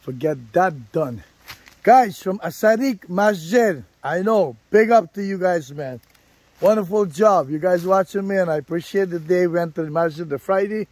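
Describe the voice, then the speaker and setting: This vlogger talks to his audience with animated enthusiasm while driving outdoors in the bush, keeping a moderate pace in a voice that sits high. The casual narration has no room sound, though engine and wind noise are loud.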